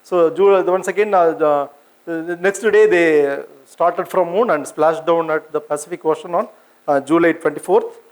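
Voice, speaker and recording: A man's voice: on the high side, moderate pace, poor audio. A man with an Indian English accent giving an informal science lecture, hesitant with many fillers and restarts, asking his audience questions. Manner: asks the audience questions, conversational. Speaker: senior scientist giving a public talk.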